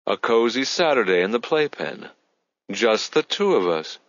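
A smug, needling male coworker in an audiobook, as a man reads him. His voice sits low and teasing, with close, dry and muffled sound. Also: very animated, measured pace, a bit bright, dry recording, heavily acted.

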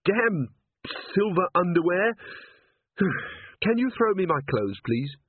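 A woman's voice: fairly low pitch, sing-song, slow, slightly rough, no echo, voice pushed up, full character voice. A man voicing a sardonic young female werewolf constable who speaks bluntly. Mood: grumbling. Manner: dry, blunt. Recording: tinny phone-like, dry.

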